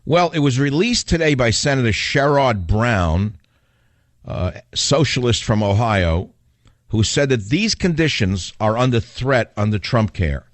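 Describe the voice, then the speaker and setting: A man's voice: medium pitch, expressive, a little slow, no echo. A man with a New York accent hosting a talk radio show, delivering a combative, sarcastic monologue full of rhetorical questions.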